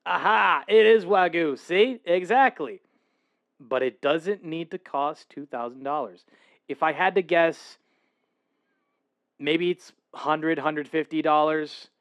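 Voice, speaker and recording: Man streamer, casual chat, unhurried, slightly high voice, rambling, laughs often. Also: animated, a bit bright. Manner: rambling and self-correcting, with frequent laughter. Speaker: streamer chatting with viewers. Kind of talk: casual chat reacting to a video.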